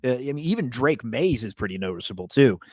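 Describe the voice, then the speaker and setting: A man co-hosting a casual sports chat, laid-back and quick with wry asides. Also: medium pitch, big pitch swings, no echo, studio quality. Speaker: podcast co-host.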